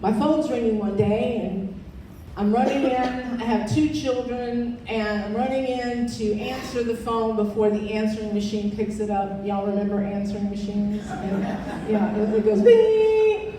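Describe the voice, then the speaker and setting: A woman in her sixties tells her story as a keynote speaker, leaning on repeated phrases for emphasis. Her tone is soft and mellow. The sound comes from a distance and rings around a big echoing hall, with faint background noise. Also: mid-range voice, fairly even intonation, normal speed. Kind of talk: personal testimony speech. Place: large event hall.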